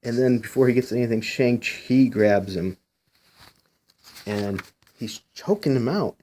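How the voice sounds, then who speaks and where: A man's voice: mid-range voice, a little slow, mellow, a little hiss or hum. A man casually reviewing a comic book, rambling a little and asking viewers questions. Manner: chatty, rambling, frequent "you know"; asks viewers questions directly.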